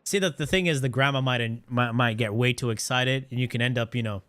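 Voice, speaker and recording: A man's voice: medium pitch, quick pace, fairly bright tone, clean tone, no room sound. A man streaming a game, cracking crude jokes and rambling with repeated words. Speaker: gaming streamer. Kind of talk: live game commentary.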